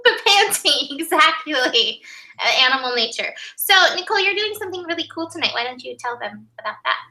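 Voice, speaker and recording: A woman co-hosting a web show, upbeat and quick to laugh as she chats and promotes the show. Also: sits high, big pitch swings, bright, forceful tone, poor audio. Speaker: co-host.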